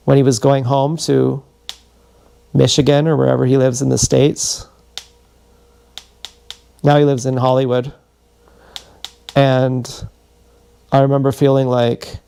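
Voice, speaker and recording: A man livestreams a long, wandering personal story. His voice is mellow and low in brightness, with a steady gravelly fry. He swears freely and keeps backing up to restart his sentences. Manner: meandering, profane, frequent restarts. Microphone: streaming from a body camera.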